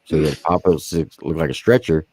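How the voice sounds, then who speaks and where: A man with a very low voice tells army stories among fellow veterans, and he is loose, profane and animated. The sound is close and dry, with no room around it. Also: quick pace, dry recording. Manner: animated, profane, acts out quotes in high voices. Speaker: podcast co-host, army veteran. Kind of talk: casual storytelling among veterans.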